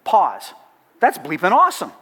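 A middle-aged man from Canada tells a lively story to a crowd, with a slightly raised voice. His delivery is animated and anecdotal, full of playful asides. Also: high-pitched, normal speed, husky. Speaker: chaplaincy organization leader. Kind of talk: storytelling talk to an audience.

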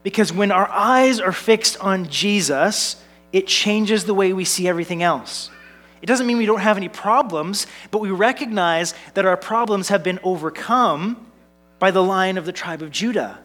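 High-voiced male pastor preaching. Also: normal speed, fairly bright tone, soft background music. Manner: earnest, builds with repeated phrases, tells family anecdotes. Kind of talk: sermon.

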